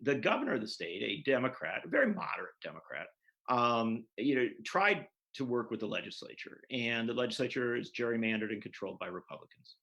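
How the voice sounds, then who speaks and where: A man's voice: mid-range voice, big pitch swings, fairly quick, gravelly, pushed and bright, muffled recording. A man, a political journalist, explaining at length and earnestly as a guest in an interview over a video call.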